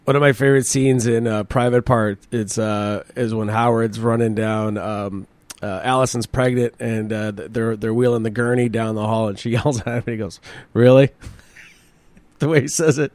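Riffing alone on the news and his week, this comedy podcast host speaks at normal speed in a lowish, darkish voice with fairly even intonation. He rambles crudely, swearing often and laughing at himself, recorded with no echo.

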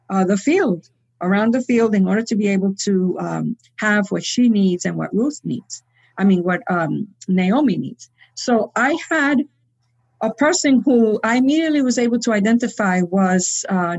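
A woman's voice: mid-range voice, a little mellow, slightly rough, rough recording. A woman telling a long church story in conversation, acting out the people she quotes. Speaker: guest speaker.

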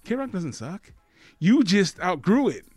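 A man's voice: high-pitched, big pitch swings, slow pace, a little mellow, slightly rough, no echo, soft background music. A man who works in radio, making his point emphatically with lots of swearing on a casual podcast. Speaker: radio host.

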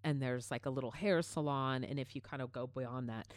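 A middle-aged woman with a notably low voice tells stories in a loose, chatty way. She fills her talk with "like" and "um" and swears freely. The recording is dry and close, with no room around it. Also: brisk, dry recording. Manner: animated storyteller, swears freely, many fillers. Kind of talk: casual chat.

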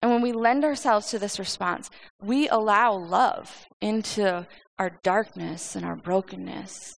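A woman's voice: medium pitch, unhurried, vocal fry. A woman giving earnest Bible teaching, often repeating and restarting her words as she explains.

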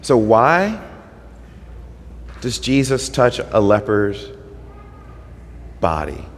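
A male pastor giving an earnest sermon. He swells to emphatic points, then drops quiet and stretches out his words. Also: on the low side, sing-song, extremely slow. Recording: long hall reverb.

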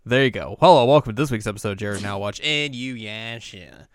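A man with a smooth, resonant voice hosts a laid-back podcast, recapping an episode with jokes and goofy quoted lines. His voice is recorded close and dry, with no room sound. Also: fairly low pitch, normal speed, dry recording. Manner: jokey, slips into silly quoted voices. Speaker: podcast host. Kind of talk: casual recap chat.

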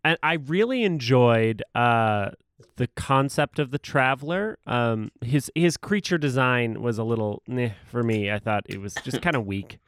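A man's voice: medium pitch, expressive, unhurried, clear, resonant tone, dry recording. A young man co-hosting a podcast in casual chat, joking and laughing often. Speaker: podcast co-host.

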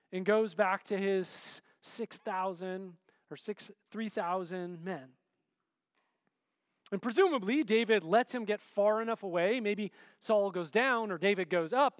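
A man preaching a sermon in a relaxed, conversational way, often checking in with "right?" and filler "like". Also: high voice, no echo, big-room sound.

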